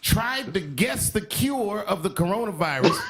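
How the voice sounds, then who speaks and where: A man's voice: high-pitched, animated, unhurried, vocal fry, noisy background. A man doing a wry, provocative stand-up monologue in a conversational tone, live on a TV stage. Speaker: comedian. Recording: live broadcast with audience laughter. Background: crowd laughing and clapping.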